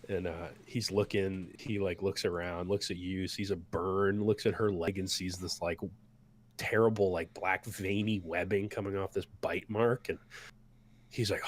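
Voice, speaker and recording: A man's voice: low-pitched, fairly even intonation, normal speed, a little hiss or hum. A man narrating as game master in a loose, casual way, full of fillers. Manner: casual, many fillers and restarts.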